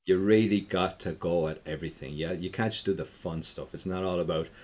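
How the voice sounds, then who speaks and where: A middle-aged Irish man, a tech entrepreneur, chatting in an interview, rambling with many restarts and trailing off quietly. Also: low voice, fairly even intonation, brisk. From Ireland. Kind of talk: casual interview chat.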